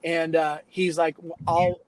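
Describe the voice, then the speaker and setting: Male coach guest, fairly high voice, lively anecdote-teller. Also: moderate pace, poor audio. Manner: animated anecdotes, acts out quoted kids. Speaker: youth sports coach, podcast guest. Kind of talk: storytelling in a casual interview.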